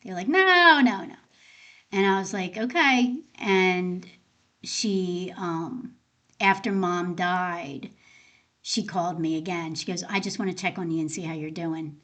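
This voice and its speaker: Woman telling animated personal stories. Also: on the low side, a little slow. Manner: animated, acts out quoted dialogue in her stories. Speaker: guest, end of life doula. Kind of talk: casual conversational storytelling.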